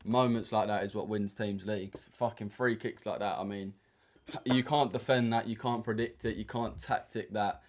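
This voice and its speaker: A man's voice: lowish voice, fairly even intonation, moderate pace. A young man chatting casually on a livestream as a trading streamer, bantering in slang with lots of fillers. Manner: laid-back slangy banter with frequent fillers.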